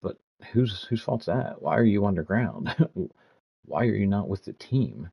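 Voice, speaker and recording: A man's voice: on the low side, lively intonation, unhurried, creaky, warm tone, breathy edge. A man in his fifties streaming a game, ranting and swearing as he tells stories in casual chat. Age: 50s. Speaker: gaming streamer.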